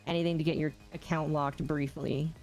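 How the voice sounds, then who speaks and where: A woman's voice: sits low, level tone, a little fast, darkish tone, faint music behind. A woman hosting a game stream, chatting casually and teasing her guests with frequent giggles. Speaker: streamer host. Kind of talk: casual chat while gaming.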